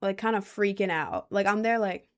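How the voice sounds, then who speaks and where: A woman's voice: mid-range voice, moderate pace. A young woman telling a casual storytime, rambling with lots of filler words and apologetic asides.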